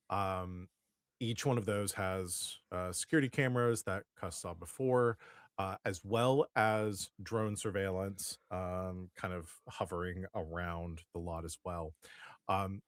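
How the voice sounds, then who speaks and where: A man running a tabletop role-playing game as game master, describing the scene in a halting way, with many fillers. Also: deep voice, dry recording, clean studio sound.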